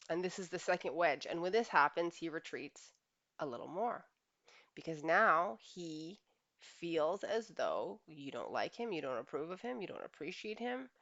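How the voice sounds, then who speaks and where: A woman's voice: on the low side, a bit bright, no room sound, muffled recording. A woman relationship coach giving an earnest reflective monologue, often sighing. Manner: earnest, with frequent sighs.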